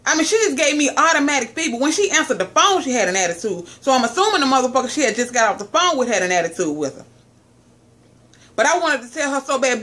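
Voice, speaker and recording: A woman's voice: a little high, lively intonation, brisk, a bit bright. Profane ranting woman in her late 20s. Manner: profane, exasperated storytelling; addresses viewers as family. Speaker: vlogger. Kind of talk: angry rant to camera.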